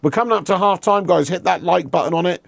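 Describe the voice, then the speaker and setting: A man's voice: high voice, quick pace, vocal fry, dry recording, clean studio sound. A man hosting a live football watch-along, chatting with viewers, swearing and laughing as he reads their messages. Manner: banters with chat, swears, laughs often. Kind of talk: casual live-stream chat.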